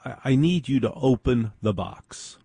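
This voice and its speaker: A man's voice: mid-range voice, animated, unhurried, creaky, dark tone, slightly rough, no echo, exaggerated voice. A man voicing a serious, old-school male reporter who insists on seeing proof. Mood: insistent.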